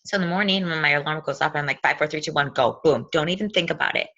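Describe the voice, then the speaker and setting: A woman giving an animated motivational talk, telling stories and acting out what people said. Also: low voice, fast talker, highs cut off. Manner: animated storytelling, acts out quotes.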